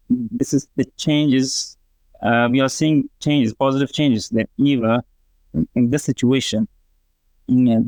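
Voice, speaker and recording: A man working as a veterinarian, answering in in a slow, earnest way with many pauses. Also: medium pitch, no room sound. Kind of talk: interview answer.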